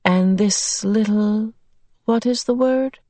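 Woman voicing a gentle tentacled alien beast. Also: medium pitch, no room sound, faint music behind, voice pushed up, lightly acted. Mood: soothing. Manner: slow, careful, searching for words.

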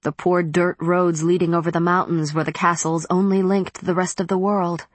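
Husky low-voiced woman narrating. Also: no room sound. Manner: measured, steady reading. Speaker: audiobook narrator. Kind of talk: first-person scripted narration.

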